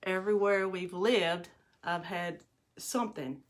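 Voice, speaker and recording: This middle-aged woman's voice is on the low side, with fairly even intonation and a measured pace. She's hosting a livestream from her bathroom at home, rambling chattily through stories for viewers as she puts on makeup.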